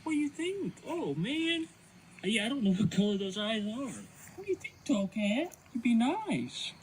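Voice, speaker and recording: A woman croons at a kitten in a soft, high baby-talk voice. Her pitch swoops up and down with delight. The phone recording picks up clear background noise from outside. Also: sing-song, normal speed, low-quality recording. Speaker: delivery driver filming a found kitten. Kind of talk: casual vlog clip, cooing at a kitten. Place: outdoors by a roadside and in a delivery vehicle.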